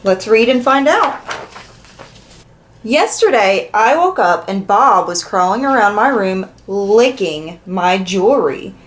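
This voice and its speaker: Animated woman reading aloud to children. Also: mid-range voice, takes it slowly, a little hiss or hum. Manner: animated, asks the young listeners questions. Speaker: children's story reader. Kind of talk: interactive read-aloud for children.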